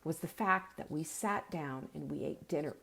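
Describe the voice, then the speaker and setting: A woman's voice: low-pitched, normal speed, creaky, sharp tone. A middle-aged woman hosting a live meal-planning show, giving an earnest, urging pep talk, at times tearful.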